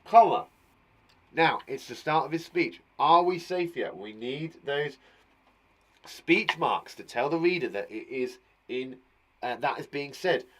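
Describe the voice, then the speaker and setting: A man's voice: fairly high pitch, expressive, unhurried. A man with an English accent teaching a live online English lesson to young children, patient and encouraging, talking aloud as he writes. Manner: patient, encouraging, talks aloud while writing. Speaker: primary school teacher.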